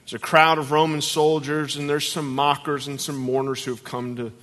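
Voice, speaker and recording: A man preaches in an animated storytelling style, his voice bright and sharp and a little high. The sound rings with the long reverb of a large church sanctuary. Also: moderate pace. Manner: animated, acts out voices in stories. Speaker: guest pastor. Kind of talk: sermon with storytelling.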